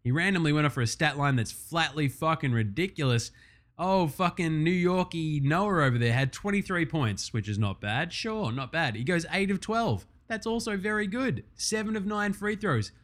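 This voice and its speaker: Swearing excitable Australian man. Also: a little high, moderate pace. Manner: profane, excitable, loose. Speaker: podcast host. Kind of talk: casual sports chat.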